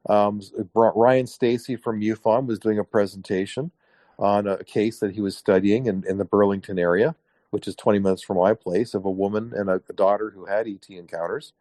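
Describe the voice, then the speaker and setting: Low-voiced man telling a story, dry sound. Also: fairly quick, dry recording. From Canada. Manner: animated storyteller, acts out quoted voices. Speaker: guest. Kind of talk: casual interview storytelling.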